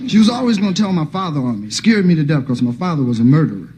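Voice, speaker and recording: A man's voice: fairly high pitch, big pitch swings, very fast, over a noisy crowd. A man in his thirties doing loose, conversational stand-up storytelling, tossing in "man" and "right?". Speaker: comedian. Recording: noisy old TV broadcast.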